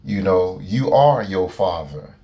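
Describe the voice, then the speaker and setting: A man's voice: low-pitched, animated, slow, warm tone, dull audio. A man giving casual, preachy commentary, rambling and full of hesitations. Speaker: video commentator.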